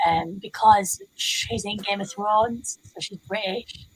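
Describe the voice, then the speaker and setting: A woman's voice: medium pitch, takes it slowly, hardly any pauses, slight background noise, poor audio. A woman joining a stream chat, speaking with hesitations and fillers. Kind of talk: casual chat.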